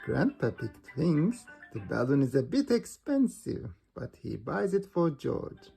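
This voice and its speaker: A narrator reads a children's storybook aloud at an unhurried pace. The voice is gravelly and dark, with a lively rising and falling pitch. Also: soft background music.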